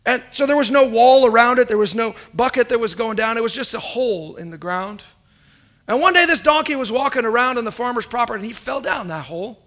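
A man with a high voice preaching from a church, his delivery rising and falling as he speaks to his congregation. He tells a story and asks the listeners questions as he builds to his point. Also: expressive, fairly quick, fairly bright tone. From United States. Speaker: pastor. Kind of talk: sermon with storytelling.

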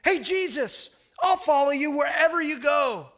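Preacher playing an excited, keen follower, high and bright. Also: male voice, a little slow, full character voice. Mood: eager. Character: eager young male would-be follower.

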